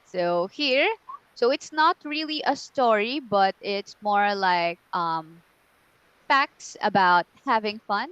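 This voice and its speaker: A woman's voice: medium pitch, animated, slow pace, fairly bright tone, smooth, no room sound, dull audio. A woman from Thailand teaching English in an online tutoring session, encouraging and repeating words for drilling.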